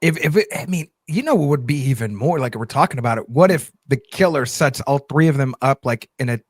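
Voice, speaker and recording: A man chatting casually about a movie trailer in an animated way, restarting his sentences and saying "like" a lot. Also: mid-range voice, fairly quick, dry recording, studio quality. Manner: animated, repeats words and restarts, says "like" often. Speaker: podcast co-host.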